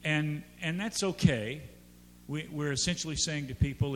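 A man's voice: on the high side, normal speed, big-room sound, slight background noise. A man preaching a sermon as pastor. He talks conversationally and builds to emphatic peaks.

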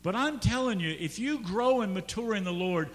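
A man's voice: high-pitched, expressive, normal speed, big-room sound. A man preaching a sermon as pastor. He talks conversationally and builds to emphatic peaks.

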